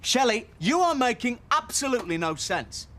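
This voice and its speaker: A man's voice: extremely high pitch, very animated, normal speed, pushed and bright, full character voice. An actor playing a defensive, dismissive young man in a soap drama. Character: defensive young man brushing off his partner.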